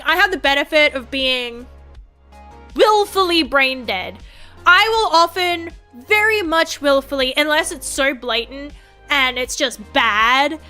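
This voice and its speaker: A woman VTuber chatting casually on stream, rambling and animated, full of fillers and restarts. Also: high voice.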